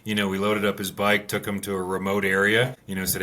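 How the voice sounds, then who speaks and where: A man who races rallies, a podcast guest, telling stories in casual conversation with animated energy. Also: deep voice, fairly quick. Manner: animated storyteller. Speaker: podcast guest, rally racer.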